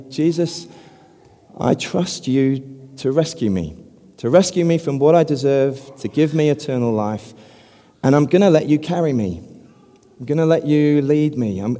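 A man giving an earnest evangelistic talk as a preacher, speaking gently and slowing down to lead a prayer. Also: mid-range voice. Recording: long hall reverb.

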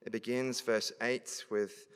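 A man's voice: mid-range voice, flat delivery, slow, smooth. A man preaching a sermon, reading scripture verses aloud and then explaining them in a conversational way. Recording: long reverb of a large hall.

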